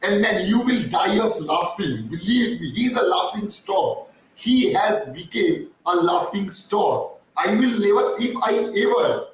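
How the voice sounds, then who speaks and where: A high-pitched man hosts a live stream, his voice hoarse and strained. He rambles casually with lots of fillers and restarts as he answers viewers. He sits well back from the mic in a very echoey room with faint background hiss. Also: lively intonation, a little slow, recorded from a distance. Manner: chatty, reads viewer comments, many fillers and restarts. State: strained, croaking voice.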